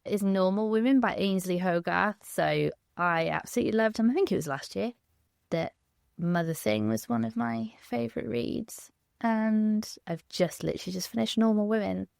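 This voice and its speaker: Woman cohost chatting about books, gravelly voice, dry close sound. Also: lowish voice, no echo. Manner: relaxed, conversational, uses fillers like "kind of". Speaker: podcast co-host. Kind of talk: casual book chat.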